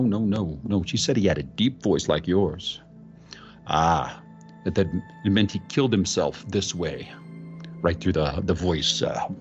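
A podcast host with a lowish voice does an impression of a famous actor, narrating an eerie roadside encounter in the first person. He halts and restarts, stretching out phrases for drama, and the sound is lo-fi.

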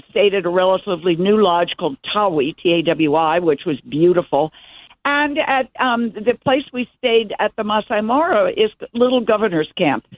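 A woman's voice: on the low side, dry recording. An older woman, a guest journalist, telling stories enthusiastically in a casual interview over the phone. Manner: enthusiastic, meandering storytelling. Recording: dry tinny phone line.

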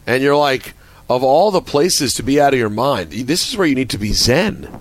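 A man co-hosting a radio show in casual banter, expressive and probing with exasperated asides. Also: medium pitch, normal speed, a little hiss or hum. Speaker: radio co-host.

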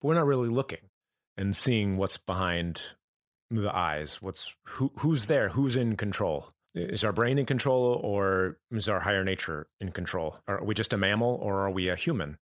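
Guy with a lowish voice, podcast guest, slow thoughtful restarts, super dry close mic. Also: lively intonation, no echo. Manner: halting, thoughtful, many restarts. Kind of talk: reflective conversation.

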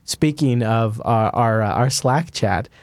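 A man's voice: mid-range voice, slow pace, no echo. A man hosting a tech podcast in casual chat, rambling and laughing at himself. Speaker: podcast host.

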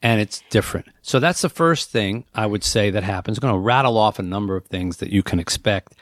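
A man's voice: on the low side, fairly quick, no echo, studio quality. A man hosting a talk show on air, speaking earnestly and acting out inner voices as he lists points. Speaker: radio talk show host.

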